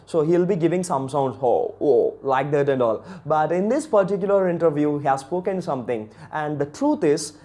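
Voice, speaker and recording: A man's voice: on the high side, lively intonation, fairly quick, hardly any pauses, dark tone. A man with an Indian accent giving a chatty video lesson on English accents, talking straight to viewers with many fillers.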